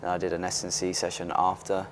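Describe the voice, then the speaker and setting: A man's voice: low-pitched, fast talker, slight background noise. A man in his twenties, an athlete guest in a casual interview, talking openly with frequent restarts. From Britain. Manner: open and animated, restarts often.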